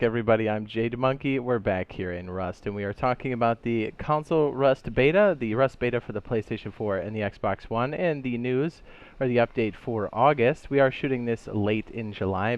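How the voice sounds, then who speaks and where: A man hosting a gaming update video, chatting casually and excitedly, throwing in silly sound effects. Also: medium pitch, lo-fi sound. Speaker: gaming channel host.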